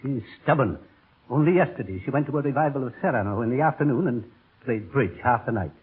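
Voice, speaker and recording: An actor playing an anxious family doctor who pleads urgently, in a 1930s radio drama. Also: male voice, mid-range voice, lively intonation, fast, breathy edge. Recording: tinny old radio broadcast.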